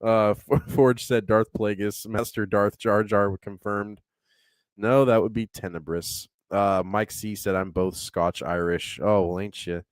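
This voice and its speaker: A man's voice: fairly low pitch, fairly even intonation, unhurried, clear, resonant tone, no room sound. A young man co-hosting a casual podcast, rambling, laughing often and reading viewer comments aloud. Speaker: podcast co-host reading chat.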